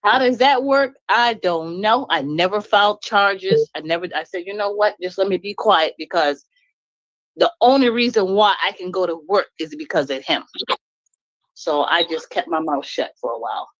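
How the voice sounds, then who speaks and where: A woman's voice: on the low side, expressive, normal speed, no room sound, lo-fi sound. A woman speaking up in an online talk room, venting bluntly and emphatically about her marriage and laughing as she talks. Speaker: caller sharing her story.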